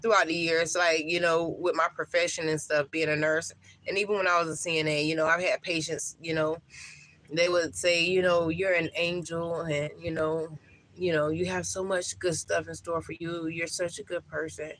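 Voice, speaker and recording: A woman's voice: sits low, level tone, moderate pace, slight background noise, rough recording. A woman, chatting emotionally with viewers on a live stream outdoors. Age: 30s. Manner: warm, emotional, talks to viewers with many fillers. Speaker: livestream host. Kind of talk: casual live-stream chat.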